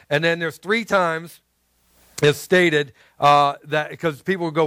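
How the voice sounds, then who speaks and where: A man's voice: fairly high pitch, steady tone, slow, pushed and bright, clear, resonant tone, no echo. A man from the American South preaching a sermon as pastor, talking earnestly, repeating words and calling his listeners "guys".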